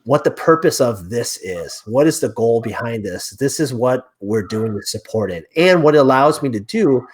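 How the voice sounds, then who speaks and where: A man in his thirties talks through a personal story as an interview guest. He is animated, jumping into the voices of the people he quotes, and his voice sits at an ordinary middle pitch. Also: normal speed, breathy edge. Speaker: real estate agent, podcast guest.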